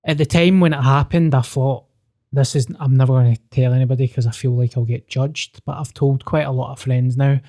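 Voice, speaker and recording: A man's voice: mid-range voice, a little fast. A man telling a personal story on a podcast, casual and sweary, acting out the dialogue. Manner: sweary, animated, acts out quoted dialogue.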